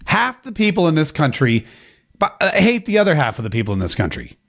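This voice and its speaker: A man hosts a call-in political commentary show, riffing in a loose, sarcastic way. His voice sits a touch high, and his speech is full of fillers and false starts. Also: wildly swooping pitch, a little fast, vocal fry, a bit bright. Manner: rambling, sarcastic, lots of filler words and restarts. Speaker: political talk show host.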